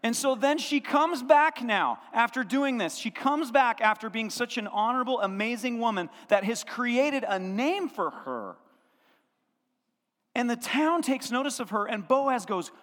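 A male pastor with a high-pitched voice delivers a lively sermon, voicing the characters in his story as he goes. The sound carries a long reverb from the church hall around him. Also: unhurried. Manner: animated storytelling, acting out biblical characters' lines. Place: church sanctuary.

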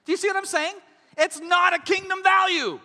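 A man preaching a sermon as pastor, in a lively, conversational way, often asking the congregation whether they follow. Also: extremely high pitch, brisk, big-room sound. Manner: animated, conversational, asks audience questions.

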